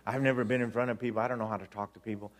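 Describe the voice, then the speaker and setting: A man in his sixties preaching a storytelling sermon, animated and acting out the dialogue while joking with the congregation. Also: medium pitch, very fast.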